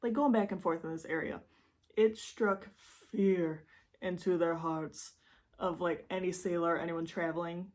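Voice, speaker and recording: A woman's voice: lowish voice, steady tone, unhurried, a little mellow. Chatty Michigan woman telling a true-crime story. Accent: Midwestern American, Michigan. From Michigan, USA. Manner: chatty, self-deprecating, rambling asides. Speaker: YouTube host.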